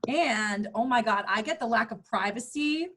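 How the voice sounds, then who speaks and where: A woman in her thirties doing stand-up comedy with a fairly high voice. She tells crude, playful stories and keeps leaping into squeaky mock voices for her punchlines. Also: moderate pace, a bit bright. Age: 30s. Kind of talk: virtual stand-up set.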